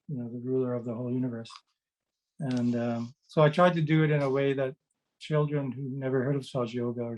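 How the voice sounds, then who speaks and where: This children's book author, who also hosts meditations, talks to kids on a video call in a mid-range, darkish voice, and the audio is poor. The middle-aged man wanders through casual stories, stopping and restarting with lots of fillers.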